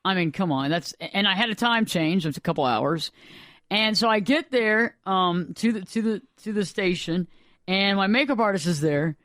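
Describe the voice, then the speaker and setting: A man hosting a radio show, telling a story in a rambling, animated, dramatic way. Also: high-pitched, normal speed, no echo, clean studio sound. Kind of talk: casual storytelling chat. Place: radio studio.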